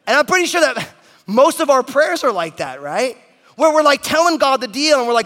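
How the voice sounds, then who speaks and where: A middle-aged male pastor giving a sermon, telling a story with quick asides to the congregation. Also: very high voice, very animated, fairly bright tone. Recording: long hall reverb.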